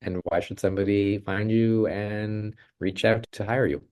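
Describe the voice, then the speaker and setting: A man's voice: on the low side, steady tone, normal speed, darkish tone, no room sound, studio quality. An American man hosting a podcast in casual chat, playful and jokey, telling stories with animation. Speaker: podcast host.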